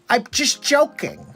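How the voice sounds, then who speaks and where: A man doing a nerdy, high-voiced tech mogul. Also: gravelly, sharp tone, slightly rough, full character voice. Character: nerdy older male tech philanthropist. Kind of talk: comedic impression.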